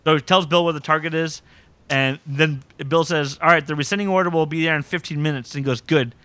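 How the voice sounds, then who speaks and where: Man, podcast host, bright voice, dry close sound, animated scene recap. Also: on the high side, quick pace, dry recording. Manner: animated storytelling, quotes scenes with relish. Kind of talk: casual recap chat.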